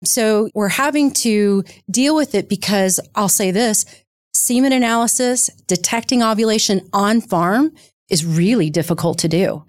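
A woman's voice: medium pitch, measured pace, dry recording, studio quality. Explanatory woman interview guest. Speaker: guest, startup co-founder and CEO. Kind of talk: conversational interview answers.

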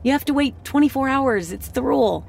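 A woman's voice: sits high, lively intonation, a little fast, vocal fry, darkish tone, husky, heavily acted. An actress playing a wry, scheming young female hacker who mutters dry asides to herself. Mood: coaxing.

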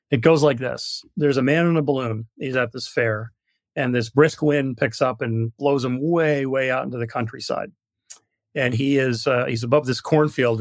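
A man from New York speaking as a guest on a business podcast. He talks in an animated, storytelling way and leans on "you know" as he goes. His voice sits at a middle pitch and the sound is close and dry. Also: no room sound. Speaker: guest, product marketing director. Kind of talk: podcast interview.

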